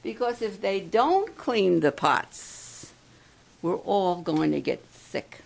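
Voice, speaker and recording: A woman giving a devotional talk to campers and adults, asking the crowd questions and slowing down to stress key words. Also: medium pitch, very animated, vocal fry, darkish tone, low-quality recording. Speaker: camp speaker.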